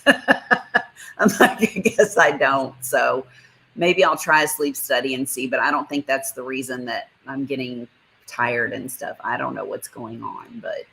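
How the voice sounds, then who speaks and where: A woman's voice: a bass voice, fairly even intonation, moderate pace, creaky, fairly bright tone, low-quality recording. A woman hosting a casual livestream, chatting and greeting viewers by name as she reads their comments. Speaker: livestream host. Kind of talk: casual live chat reading comments.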